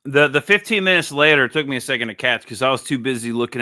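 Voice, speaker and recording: A man with a bright, forceful voice chats casually about comics and laughs easily, often restarting his sentences. His voice sits in a middle range. The sound is dry and close, with no room echo. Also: medium pitch, expressive, fast talker. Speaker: podcast co-host reviewing comics. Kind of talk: casual chat.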